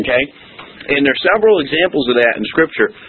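A man's voice: medium pitch, lively intonation, fast. A man preaching verse by verse in a conversational way, often checking in with his listeners. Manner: conversational, checks in with "okay?" and "all right?". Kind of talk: verse-by-verse sermon. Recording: tinny phone-like recording with faint hiss.

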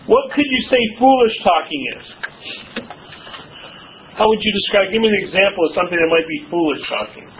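A man's voice: high-pitched, lively intonation, fairly quick, pauses often. A man teaching a church Bible study class, chatty and joking, asking the class questions and often saying "okay?" and "you know". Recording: tinny lo-fi recording with faint hiss.

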